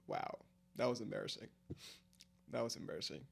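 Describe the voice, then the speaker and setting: A man's voice: lowish voice, animated, normal speed, creaky, slightly rough. A tired young man from India chatting loosely with his stream viewers, laughing often and using slang and swearing. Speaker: live streamer. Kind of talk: casual chat with viewers while reading the chat.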